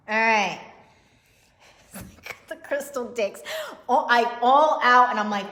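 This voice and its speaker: A young woman with a fairly high voice does a casual tarot reading on a livestream, speaking slowly with long pauses and a sharp tone. She's chatty and profane, laughs often, and greets viewers by name.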